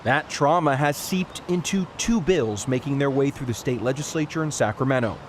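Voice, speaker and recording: A man reporting as a TV newscaster, measured and formal in a scripted news report. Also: mid-range voice, slight background noise.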